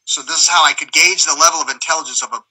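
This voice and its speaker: Bright, husky high-voiced man, rambling and profane. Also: steady tone, very fast, poor audio. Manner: acts out quoted voices loudly. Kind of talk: casual live conversation.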